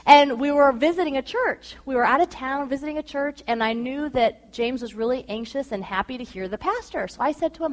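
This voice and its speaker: A woman in her thirties telling a personal story to a group of women, chatty and animated, acting out what people said. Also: high-pitched, brisk, few pauses. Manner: chatty and animated, acts out quotes. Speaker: speaker at a women's gathering.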